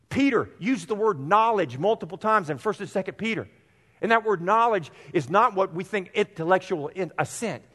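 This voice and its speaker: A man's voice: fairly high pitch, breathy edge. A man preaching a sermon as pastor, earnest and direct with his congregation, repeating phrases for emphasis. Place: church sanctuary. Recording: long hall reverb.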